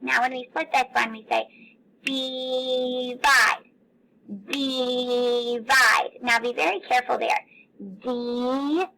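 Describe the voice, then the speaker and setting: A woman teacher leading a recorded phonics lesson for young children, patient and encouraging, sounding out words slowly. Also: a little high, gravelly, sharp tone, rough recording.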